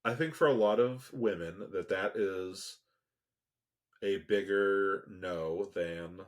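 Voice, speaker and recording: A man co-hosting a podcast in casual chat, talking haltingly with many restarts. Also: low-pitched. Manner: halting, full of restarts, laughs easily. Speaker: podcast co-host. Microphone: remote call setup.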